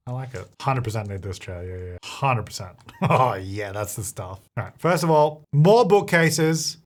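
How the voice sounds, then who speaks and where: Young man, casual game commentary, thinks aloud, self-correcting, mid-pitched voice. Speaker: game builder vlogger. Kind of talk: casual play-along commentary.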